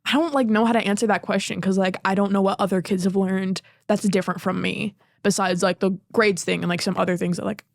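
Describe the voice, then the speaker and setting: A woman's voice: mid-range voice, fairly even intonation, fast, vocal fry, hardly any pauses, dry recording, studio quality. A teenage girl chatting casually as a podcast guest, rambling and giggly with plenty of likes and ums. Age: teens. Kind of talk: casual chat.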